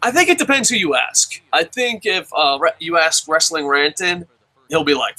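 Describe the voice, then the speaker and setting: This podcast host is a young man with a husky, slightly high voice who talks a little fast over poor audio. He reads out listener comments in a casual, profane, rambling and excitable way.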